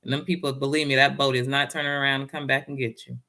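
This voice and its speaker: A woman's voice: extremely low pitch, flat delivery, fast talker, bright, forceful tone. A woman giving a casual motivational talk and telling a personal story, speaking in a down-home way and often addressing her listeners directly.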